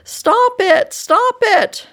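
A woman voicing a small frightened girl in a dark storybook tale. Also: sits high, slow, pitched above the performer's own voice, full character voice. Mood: panicked.

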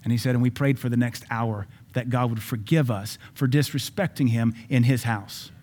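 A man preaching a sermon in a voice of middle pitch. He drops to quiet, quick asides, then builds to loud, high peaks. Scripture comes out slow and stressed. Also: fairly even intonation. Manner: reads scripture slowly with emphasis. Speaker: pastor.

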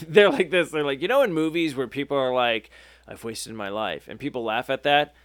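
A man's voice: a little high, a little fast, a loud crowd. A young man in casual comedic banter, riffing and swearing, often dropping into acted voices.

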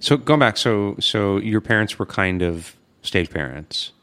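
A man hosting a casual interview, giving short relaxed prompts. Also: lowish voice, unhurried. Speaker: podcast host.

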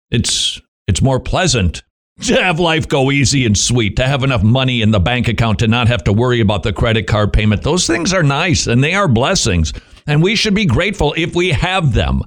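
A man delivers devotional commentary at a middle pitch, his voice rising and falling with lively swings. He breaks up his points with wry, self-mocking asides. He presses listeners with pointed rhetorical questions.

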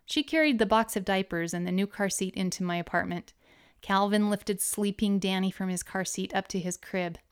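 A woman reads her own life story as an audiobook. Her voice is smooth and resonant at a middle pitch, and she tells it with warmth and expression. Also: moderate pace. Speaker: memoir narrator. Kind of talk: audiobook memoir reading.

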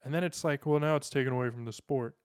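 A man co-hosting a casual podcast, relaxed and agreeable in the back-and-forth. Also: medium pitch, fast talker, smooth, no echo, studio quality. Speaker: podcast co-host.

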